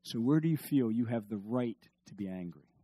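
A man preaching a sermon at a middle pitch. He tells stories in a soft, slow voice, then lifts into loud, eager lines, and he often turns to the congregation with questions. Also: lively intonation, breathy edge, no room sound. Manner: storytelling, swings from hushed to emphatic, asks the audience questions. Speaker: pastor.

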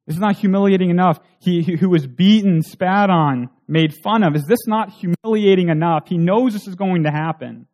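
A man's voice: high voice, normal speed, few pauses, darkish tone. A man preaching a sermon in an earnest way, asking rhetorical questions.

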